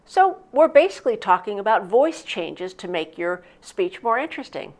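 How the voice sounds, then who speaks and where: A woman teaching public speaking in an instructional narration, expressive and clear as she shifts her loudness and pitch to show each point. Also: moderate pace.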